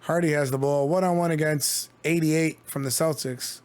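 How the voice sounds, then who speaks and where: A man calls a basketball game live for his stream, in a casual, talkative play-by-play. His voice sits a little high for a man. He drifts into jokey asides between the plays. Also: steady tone, moderate pace. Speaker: streamer giving play-by-play commentary.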